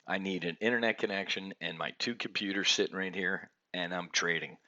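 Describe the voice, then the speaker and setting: An American man rants angrily as he hosts a trading show, stumbling and restarting mid-sentence. His voice sits a little low but comes out bright and forceful. The recording is dull and lo-fi. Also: steady tone, fairly quick. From United States. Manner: angry, ranting, many restarts and stammers. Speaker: options trading show host. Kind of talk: ranting market commentary. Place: home office with trading computers.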